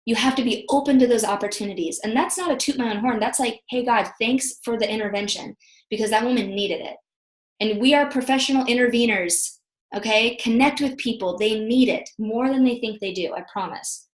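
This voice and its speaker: A woman in her thirties leading a motivational team training call, telling chatty, animated stories. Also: on the high side, a little fast, echoey room. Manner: chatty, animated storytelling with acted quotes. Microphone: video call.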